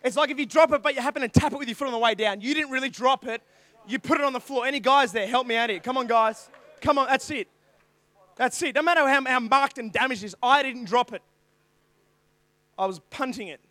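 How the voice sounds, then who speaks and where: An Australian man with a strikingly high voice preaches to a youth group, spinning a self-mocking story with plenty of jokes. He is animated and keeps calling out to the crowd for replies, and the sound is close and dry with no room echo. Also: quick pace.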